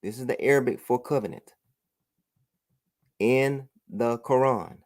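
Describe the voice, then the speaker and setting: A man's voice: mid-range voice, unhurried. A man teaching a religious class over a broadcast, often saying "all right" and checking that his student follows along.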